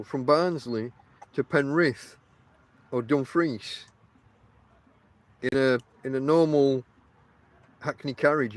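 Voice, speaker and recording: Speaking at medium pitch, a middle-aged man from England with a blended Yorkshire-Lancashire northern accent delivers a meandering monologue for his podcast from the coast outdoors. He chats straight to his listeners, his stories wandering along with frequent ums and restarts.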